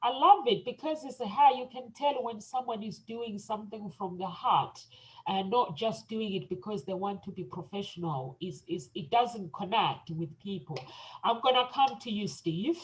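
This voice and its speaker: A woman's voice: medium pitch, moderate pace, poor audio. Chatty woman hosting a talk show. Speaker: host. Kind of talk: panel talk show chat.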